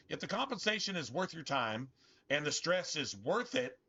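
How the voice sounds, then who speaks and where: Foul-mouthed gamer guy lecturing chat, kinda high voice, muffled stream audio. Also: sharp tone. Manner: blunt, profane, lecturing. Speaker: gaming streamer. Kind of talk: blunt live-stream rant while playing.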